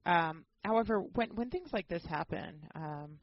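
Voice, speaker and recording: A talk show host asking deliberate, halting questions of a caller. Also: mid-range voice, animated, dry recording, dull audio. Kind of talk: interview questioning.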